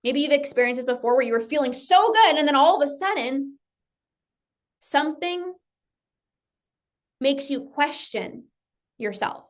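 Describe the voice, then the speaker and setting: A woman's voice: sits high, lively intonation, measured pace, pauses often. A woman coach giving an emphatic motivational talk, often acting out her client's thoughts and repeating phrases for effect.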